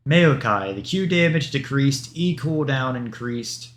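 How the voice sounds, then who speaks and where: A man's voice: mid-range voice, animated, a little slow. Male streamer, casual and rambling; reads stat lists aloud, breaks off for asides. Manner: rambling, rattles off number lists with offhand asides. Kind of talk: livestream commentary reading patch notes.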